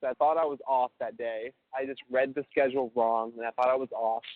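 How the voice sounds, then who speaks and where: A man's voice: medium pitch, steady tone, a little fast, no room sound. A young man telling a long, rambling story on a casual phone call, full of fillers and swearing. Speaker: caller on a prison phone call. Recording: tinny phone line.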